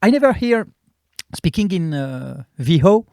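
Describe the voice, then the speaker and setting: A high-pitched, lively young Frenchman talking in accented, halting English, laughing as he goes. His voice is dry and close, with no room sound. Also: vocal fry, no echo. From France. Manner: animated, laughing, halting non-native English. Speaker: guest comedian. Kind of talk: casual chat.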